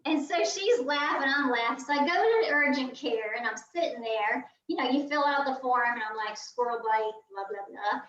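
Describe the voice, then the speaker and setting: A woman, a guest on a video call, telling a funny story in a lively way and acting out the voices. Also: high voice, normal speed, hardly any pauses. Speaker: guest quilter. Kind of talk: animated storytelling. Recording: roomy, distant, dull video call audio.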